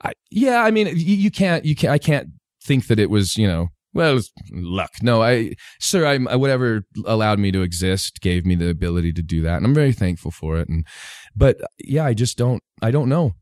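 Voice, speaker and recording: A man's voice: lowish voice, very animated, normal speed, darkish tone, no echo, clean studio sound. A man, a stand-up comedian, chatting casually as a podcast guest and explaining how he does voices. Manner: explains voice tricks by demonstrating them. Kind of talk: casual chat.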